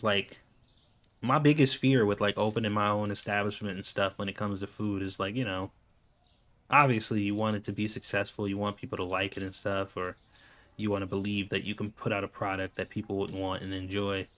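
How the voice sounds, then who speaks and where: A man's voice: on the low side, little pitch movement, a little fast, fairly bright tone. A male gaming YouTuber chatting off the cuff over his gameplay. He rambles, fills his sentences with "like" and swears casually.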